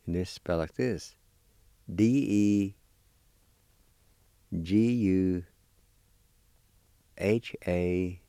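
A man teaching vocabulary, spelling and sounding out each word slowly and patiently, repeating it for learners. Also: on the low side, dark tone, smooth, dry recording, clean studio sound. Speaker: language teacher. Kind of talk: slow spelling and pronunciation drill.

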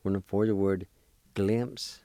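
A man's voice: lowish voice, steady tone, a little slow, mellow, no echo. A man giving a recorded pronunciation lesson. He spells out syllables one by one with patience and encourages the learner. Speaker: language teacher.

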